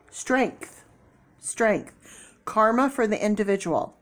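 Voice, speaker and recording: Female tarot reader, slow and chatty, given to excited bursts. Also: medium pitch. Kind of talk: casual tarot reading.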